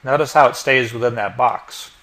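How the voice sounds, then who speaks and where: A man narrating a software tutorial step by step as the instructor, explaining each click as he goes. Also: mid-range voice, normal speed, slight background noise. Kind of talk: screen-recorded tutorial narration.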